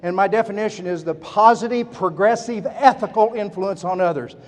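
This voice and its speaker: High-voiced man revving up a hall. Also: fairly quick. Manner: energetic, folksy storytelling with audience call-and-response. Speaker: motivational speaker. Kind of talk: motivational stage speech. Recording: long hall reverb.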